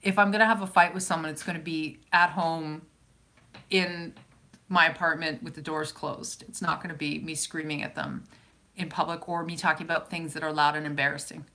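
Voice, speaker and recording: A woman with a Canadian accent from Calgary, chatting loosely with her viewers. Her voice sits a little low but sounds bright and forceful. She rambles, breaks off, and restarts her sentences as she answers comments. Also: steady tone, fairly quick. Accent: Canadian, Calgary Alberta. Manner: rambling, self-interrupting, chatty. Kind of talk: casual live chat.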